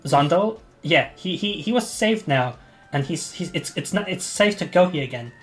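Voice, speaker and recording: A man voicing an emotional young female goblin who stammers and talks in high-strung bursts. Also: expressive, normal speed, faint music behind, natural voice. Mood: flustered.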